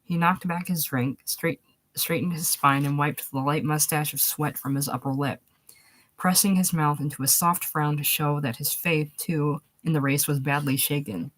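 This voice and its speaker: A woman narrating a short story aloud, steady, going back to fix small slips. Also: sits low, normal speed. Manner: steady reading, restarts after slips. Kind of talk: audiobook reading of a short story.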